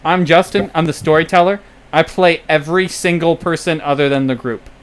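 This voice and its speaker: A man's voice: on the high side, steady tone, a little fast, clean tone, low-quality recording. A man hosting and running a tabletop role-play as storyteller, easygoing and joking. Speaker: storyteller, game master. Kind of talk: casual chat hosting a tabletop game.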